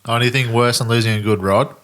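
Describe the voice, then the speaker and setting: A man's voice: mid-range voice, steady tone, quick pace, a bit bright. An Australian man hosting a podcast, chatting casually with short, easygoing interjections. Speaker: podcast host. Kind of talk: casual chat.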